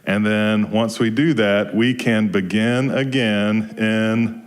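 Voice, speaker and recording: A man from Georgia in the US, a minister leading a children's story time in a service, who talks gently and keeps asking the children questions. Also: fairly low pitch, steady tone, slow. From Georgia, USA. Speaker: guest minister.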